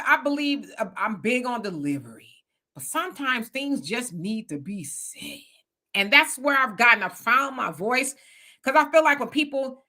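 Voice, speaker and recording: Blunt, animated woman in her fifties. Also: high voice. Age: 50s. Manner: blunt, animated, acts out quoted voices. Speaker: panel guest. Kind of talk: casual chat.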